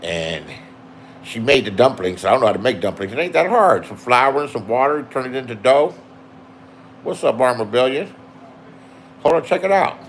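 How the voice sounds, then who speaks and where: A man's voice: mid-range voice, a bit bright, slight background noise. A man in his sixties talking casually to camera, rambling and swearing as he reminisces. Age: 60s. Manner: profane, reminiscing, loose and chatty. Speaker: vlogger. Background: music playing.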